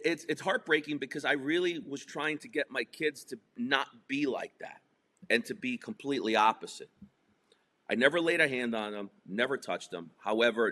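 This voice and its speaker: A man's voice: medium pitch, sharp tone. A middle-aged man from New Jersey telling a story in a casual interview, emphatic and profane. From New Jersey / New York. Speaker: podcast guest.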